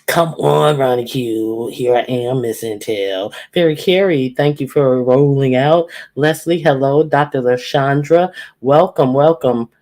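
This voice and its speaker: This livestream host has a bass voice that's a little mellow, and she talks a bit slowly with barely any pauses. She reads out her viewers' names individually and teases them playfully in a casual stream, using a computer or phone mic that adds echo.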